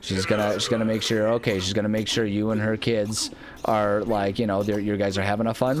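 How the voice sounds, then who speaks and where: A man's voice: fairly low pitch, flat delivery, fairly quick. A young man casually commenting on a video game as he plays, thinking aloud and rambling with lots of restarts. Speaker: let's play host.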